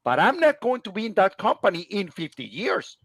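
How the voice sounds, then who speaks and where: A man's voice: high voice, sing-song, fairly quick, fairly bright tone, no room sound. A man who is a guest in a casual chat, explaining his points with rhetorical questions and answering them himself.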